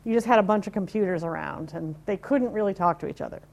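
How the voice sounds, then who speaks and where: Woman, 50s, from the US, conference speaker, informal and wry, middle-pitched voice. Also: fast, gravelly, darkish tone. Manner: chatty and informal, with wry asides and audience questions. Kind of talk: live technical talk to an audience.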